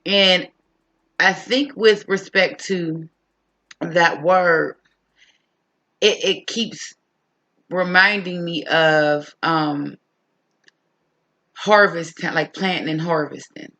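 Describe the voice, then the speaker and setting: A podcast host talking casually and reflectively about faith, thinking aloud with pauses and fillers. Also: mid-range voice, bright, forceful tone, dull audio.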